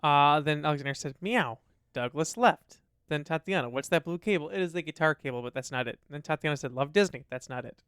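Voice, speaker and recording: A man's voice: on the high side, quick pace, few pauses, a bit bright, clear, resonant tone, no echo, clean studio sound. A man co-hosting a casual podcast, reading listener comments aloud and chatting about them. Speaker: podcast co-host. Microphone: studio dynamic mic.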